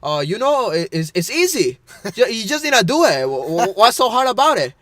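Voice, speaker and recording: A man's voice: high-pitched, very animated, brisk, fairly bright tone, no echo, voice pushed up. A man impersonating a strict, macho male shop supervisor with a Mexican accent and a dismissive, chiding manner.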